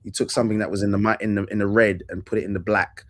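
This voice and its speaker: A man hosting a casual podcast chat, animated and quick, jumping into quoted voices as he talks. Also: on the low side. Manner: animated, rapid asides, jumps into quoted voices. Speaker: podcast host.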